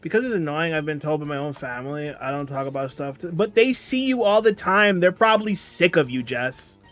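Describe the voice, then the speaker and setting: A man's voice: a little high, animated, brisk, a bit bright. A tired young man chatting casually on a livestream, reading chat and rambling along. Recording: music playing faintly behind. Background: faint background music.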